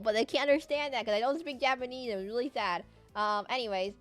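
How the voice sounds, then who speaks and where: Young female VTuber, casual self-deprecating streamer chatter, soft music under her. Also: on the high side, a little fast. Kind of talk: casual chat while drawing live.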